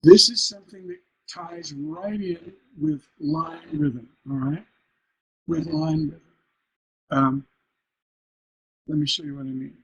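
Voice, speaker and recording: A man's voice: fairly high pitch, fairly even intonation, slow, long pauses, fairly bright tone, husky, poor audio. A man teaching a songwriting workshop, explaining line rhythm and chanting nonsense syllables to show where the stresses fall. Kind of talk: workshop lecture.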